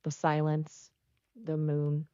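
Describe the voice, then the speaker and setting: A synthetic woman's voice of an AI chat companion, replying in a polite, measured, slightly formal way. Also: sits low, monotone, warm tone, clear, resonant tone, no echo. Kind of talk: conversational AI reply. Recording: dull, lo-fi sound.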